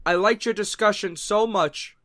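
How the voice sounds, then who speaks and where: A man's voice: high voice, normal speed, a bit bright, no room sound, clean studio sound, pitched above the performer's own voice. A man putting on a bossy New York chef boss. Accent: put-on New York accent. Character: gruff male boss chef on the phone.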